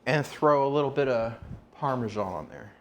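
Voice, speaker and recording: A man's voice: medium pitch, lively intonation, normal speed, slight background noise. A man streaming live from his kitchen, chatting with viewers and rambling as he cooks. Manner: chatty, asks viewers questions, rambles while working. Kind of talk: casual live-stream chat.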